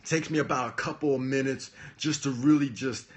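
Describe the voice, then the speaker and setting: A man's voice: mid-range voice, fairly even intonation, a little fast. A man and former Marine officer telling a personal story in a casual, chatty vlog style. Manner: chatty, with frequent fillers and restarts. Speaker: motivational vlogger.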